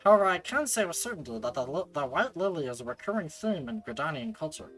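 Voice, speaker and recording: A man reading as a brisk woman archer. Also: on the high side, big pitch swings, fairly bright tone, soft background music, rough recording. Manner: formal, old-fashioned phrasing. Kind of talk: reading game dialogue aloud.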